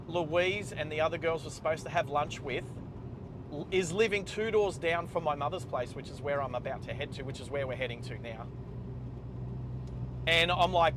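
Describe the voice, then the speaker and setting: A middle-aged Australian man with a slightly high voice tells a story from behind the wheel, stopping and restarting his sentences often. Steady car and road noise comes through clearly under his voice. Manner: halting, with frequent restarts and pauses. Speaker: host of a live driving stream. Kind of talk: casual storytelling while driving.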